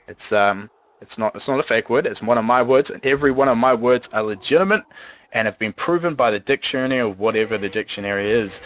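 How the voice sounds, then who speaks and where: A young man doing solo play-by-play commentary on a video game, joking and rambling, his voice jumping up when the action heats up. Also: lo-fi sound. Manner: jokey, rambling, pitch leaps up when excited.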